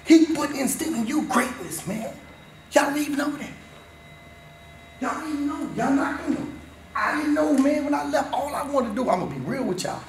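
A man, a former player, giving a passionate and repetitive motivational speech straight to a high school football team. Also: animated, brisk, slight background noise. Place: school locker room. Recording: echoey room, picked up from a distance.

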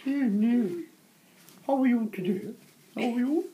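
A woman's voice: on the high side, animated, a little slow, mellow. A woman doing a hammy puppet cook guy. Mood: gruff, playful. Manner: put-on accent, sing-song, hamming it up. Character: silly male puppet cook showing off his frying. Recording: echoey kitchen with frying noise.

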